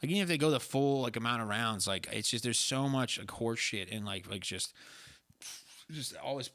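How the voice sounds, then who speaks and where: A man's voice: medium pitch, animated, moderate pace, fairly bright tone, no echo, studio quality. A young man co-hosting a podcast, talking in a blunt, exasperated way and swearing freely. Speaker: podcast co-host. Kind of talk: casual chat.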